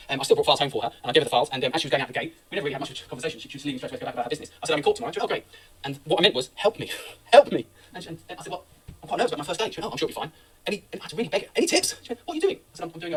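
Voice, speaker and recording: Middle-aged man, law lecturer, rapid husky delivery, distant mic. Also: fairly high pitch. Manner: brisk, anecdotal, reassuring. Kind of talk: classroom lecture.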